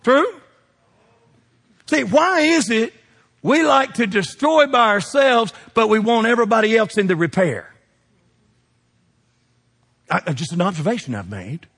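A man's voice: high voice, very animated, measured pace, pauses often, a bit bright. A man preaching a sermon as pastor, emphatic and calling out to his congregation. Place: church sanctuary. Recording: long reverb of a large hall.

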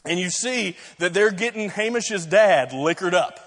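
A man's voice: high-pitched, expressive, measured pace, a bit bright, long reverb tail. A man preaching a sermon, telling stories and acting out the voices in quotes. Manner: storytelling, acts out voices in quotes. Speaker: pastor.

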